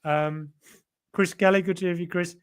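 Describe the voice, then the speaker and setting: This is the same kind of casual live-stream chat: an Englishman with a gentle Brummie accent hosts a football podcast and reads out the live chat. His pitch is high and his intonation fairly even, at a normal speed with a clean tone. There are many ums and restarts, and his voice wears down late at night.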